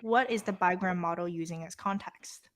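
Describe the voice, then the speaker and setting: A woman's voice: fairly low pitch, noisy background. A young woman hosting a casual livestream lesson, reading course text aloud and chatting playfully with her viewers. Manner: playful, chatty, quick asides to chat. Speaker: host leading a live course walkthrough.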